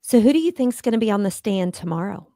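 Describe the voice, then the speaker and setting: A woman's voice: mid-range voice, animated, fast talker, mellow, no echo, studio quality. A woman co-hosting a casual chat, wry and teasing in how she talks. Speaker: co-host.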